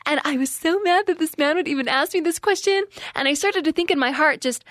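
A woman's voice: high-pitched, brisk, fairly bright tone, dry recording, clean studio sound. A young woman giving an inspirational devotional talk to youth, telling her story in an earnest, emphatic way.

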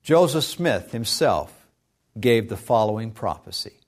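A man's voice: fairly low pitch, lively intonation, measured pace. A man reading scripted narration for a history program.

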